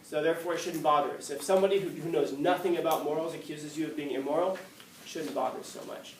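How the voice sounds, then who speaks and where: A man teaching a class, telling a story in a lively way and acting out the quotes, often restarting his sentences. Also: a little high, quick pace, slight background noise. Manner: animated storytelling, acts out quotes, frequent restarts. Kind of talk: classroom lecture. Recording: echoey classroom from far off.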